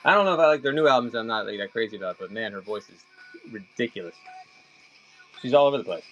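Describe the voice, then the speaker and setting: A man's voice: on the low side, animated, fast, sharp tone, dull audio, faint music behind. A man chatting casually with viewers during a live auction stream, rambling and addressing them by name.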